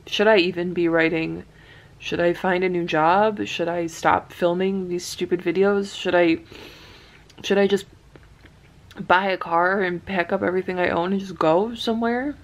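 A young woman in her twenties talking to camera in a personal vlog, crying, halting and restarting as she speaks softly. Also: fairly low pitch, steady tone. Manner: halting, restarting, soft-spoken. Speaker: vlogger.

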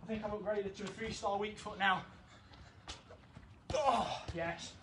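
A man's voice: high voice, steady tone, a little slow, fairly bright tone, slight background noise. A young man coaching football drills in his garden, upbeat and encouraging, counting down each set while out of breath. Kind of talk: home football drill session. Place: garden, outdoors.

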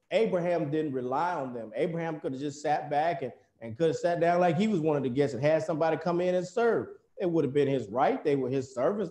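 An American man preaching a sermon in a church, telling the story in a folksy, animated way with many fillers. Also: fairly high pitch, roomy sound. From United States.

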